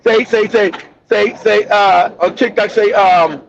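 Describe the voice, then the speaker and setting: Man, very high voice, loud profane storyteller, muffled audio. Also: steady tone, a little slow, creaky, slight background noise. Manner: loud, laughing, swearing storyteller. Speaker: livestream host. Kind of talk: casual profane commentary.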